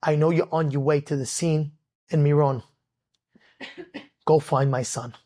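A man doing a low-voiced desperate father. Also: steady tone, unhurried, warm tone. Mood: pleading. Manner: low, earnest, pleading. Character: desperate middle-aged father, urgently begging a friend.

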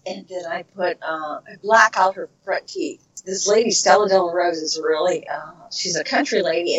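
Middle-aged woman, voice actress guest; chatty, laughs a lot, mid-range pitch, dull lo-fi recording. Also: breathy edge. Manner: chatty, laughs often, searches for words. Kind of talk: casual interview chat.

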